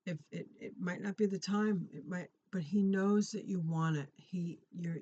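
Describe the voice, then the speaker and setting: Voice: medium pitch, normal speed, few pauses, dark tone, muffled recording, slight background noise. Earnest middle-aged faith vlogger. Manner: earnest, conversational, with many repeats and restarts. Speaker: Christian encouragement vlogger. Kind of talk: personal testimony and faith encouragement.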